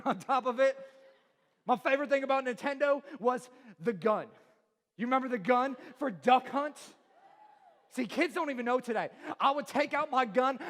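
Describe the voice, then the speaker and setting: Pastor, man, 40s, very high voice; playful crowd-work sermon, heavy hall reverb. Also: a bit bright. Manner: joking, quizzes the crowd, laughs often. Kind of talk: humorous sermon intro. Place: large church auditorium. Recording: long reverb of a church hall.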